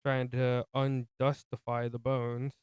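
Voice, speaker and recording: A man's voice: mid-range voice, completely flat delivery, slow, a little mellow, smooth, no echo, clean studio sound. A man co-hosting a movie podcast, casually retelling the plot with jokey asides. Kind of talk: casual film recap chat.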